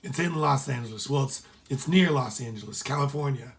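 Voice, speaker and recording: A man's voice: medium pitch, brisk, gravelly, lightly acted. Man doing a nervous teenage boy, hesitant, stammering, plain voice.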